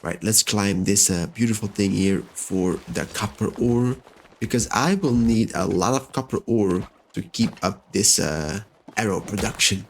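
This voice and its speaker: Faint game music plays as a man chats through his gameplay, even addressing the characters on screen. He's a let's-play host with a lowish voice, speaking a little slowly, and there's a slight hiss or hum in the audio.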